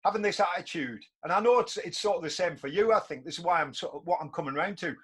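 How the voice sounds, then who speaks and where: A man's voice: a little high, fast talker, fairly bright tone, breathy edge. A man in his fifties from England, hosting a podcast as a chatty storyteller who often repeats himself. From North East England. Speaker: podcast host. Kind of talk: casual conversational interview.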